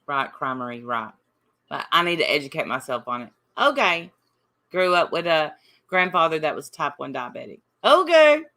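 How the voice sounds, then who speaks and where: Sharp in tone and low in pitch, this woman speaks at normal speed. She's from Appalachia and hosts a casual livestream, reading chat comments and combatively answering back.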